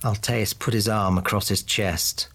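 A man narrating a fantasy audiobook in a steady, even way. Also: lowish voice, a little slow, slightly rough.

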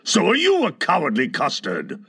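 A man's voice: fairly high pitch, very animated, slow, a bit bright, slightly rough, heavily acted. A man voicing a pompous, self-pitying middle-aged father in a storybook reading, blustering and indignant.

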